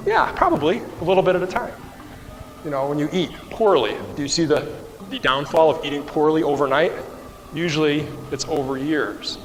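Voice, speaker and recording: Man leading an exercise class in an echoey hall. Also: fairly high pitch. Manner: patient, conversational, asks the class questions. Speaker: qigong and mobility instructor. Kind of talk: guided exercise class instruction. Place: rehab class room with floor tiles.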